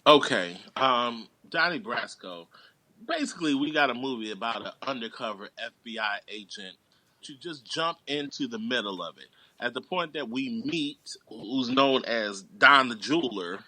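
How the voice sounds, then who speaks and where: Man, movie guest, animated retelling, very bright tone, dry close sound. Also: medium pitch, no room sound. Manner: animated storytelling, quoting characters in voices. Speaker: guest actor and writer. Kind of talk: casual movie review chat.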